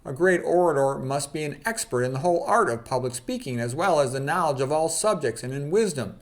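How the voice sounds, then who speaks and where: A man in a casual talk, reading out quotes and adding opinionated asides, with frequent "okay" and "you know". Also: mid-range voice. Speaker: channel host.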